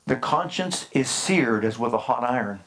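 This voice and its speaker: A man's voice: mid-range voice, animated, normal speed, fairly bright tone. A man pastor preaching a sermon emphatically, speaking straight to his congregation and building into fervent, rising passages. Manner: addresses the congregation directly with calls like "Amen?".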